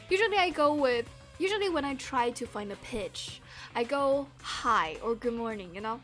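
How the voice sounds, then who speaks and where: A woman's voice: a little high, a bit bright. A woman streaming a game, chatting in a rambling, playful way and trying out character voices, laughing often. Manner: tries out character voices aloud. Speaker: streamer playing a visual novel. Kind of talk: casual live-stream commentary and voice practice.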